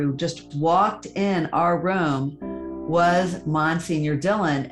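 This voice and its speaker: A woman hosting a podcast, speaking softly and measured as she reflects and converses. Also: lowish voice, reverberant. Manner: soft and measured, at times tearful in the retelling. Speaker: podcast host.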